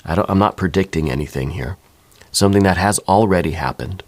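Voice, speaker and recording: A man giving an ASMR tarot reading, speaking softly and intimately to the listener in a gentle, searching way. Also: low-pitched, fairly quick. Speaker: tarot reader.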